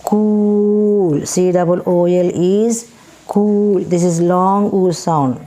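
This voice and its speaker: Slow, mellow teacher woman. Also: fairly low pitch, fairly even intonation. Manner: slow, repetitive, spells out letters. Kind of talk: phonics lesson for young children.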